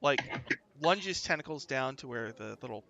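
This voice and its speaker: Male game master, halting narration, bright gravelly voice. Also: mid-range voice, expressive. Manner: halting, with many fillers.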